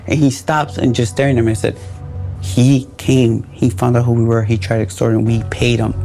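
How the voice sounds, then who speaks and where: A man recounts his own story for a podcast, acting out every exchange in a blunt, profane way. His voice is gravelly and dark, with faint music under it. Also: mid-range voice, little pitch movement, normal speed. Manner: vivid storyteller, acts out dialogue, blunt and profane.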